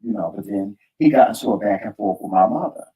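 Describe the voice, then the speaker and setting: A man co-hosting a casual talk show, telling stories in an animated, sassy way with lots of exclamations. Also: lowish voice, fast talker, recorded from a distance. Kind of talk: casual chat. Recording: echoey room, voice from off mic.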